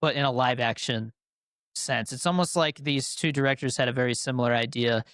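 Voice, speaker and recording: Smooth-voiced man chatting about films. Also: medium pitch, a little fast, fairly bright tone, dry recording, studio quality. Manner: rambling, filler-heavy, enthusiastic. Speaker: podcast co-host. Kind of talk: casual film review chat.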